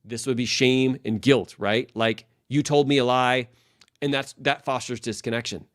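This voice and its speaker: A man in his thirties or forties, a leadership coach talking casually to camera, energetic and rambling, often tagging on "right?" as he goes. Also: mid-range voice, normal speed. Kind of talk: casual direct-to-camera talk.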